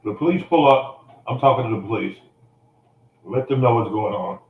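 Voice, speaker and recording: A man's voice: medium pitch, moderate pace, echoey room, phone-quality sound. A man telling an emotional personal story, blunt and profane, coughing now and then.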